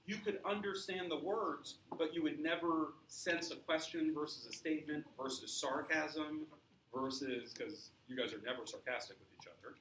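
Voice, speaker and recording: This science lesson comes from a man with a slightly high, fairly bright voice who illustrates points with examples and asks the class questions. Captured from afar, the echoey classroom recording carries a little hiss or hum.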